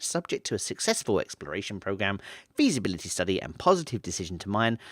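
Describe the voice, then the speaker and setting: A man reads a technical report in a casual, joking manner. His pitch swings widely, and he often breaks off for rude asides. The sound is dry, with no room echo. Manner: jokey, swears, breaks into loud outbursts. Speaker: reads a mining report aloud. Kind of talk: casual reading with banter.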